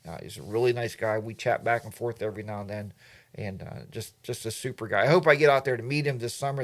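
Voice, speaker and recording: A man hosting a casual livestream, reading viewer comments and rambling off topic. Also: medium pitch. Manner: rambling, admits he goes off topic. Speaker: livestream host.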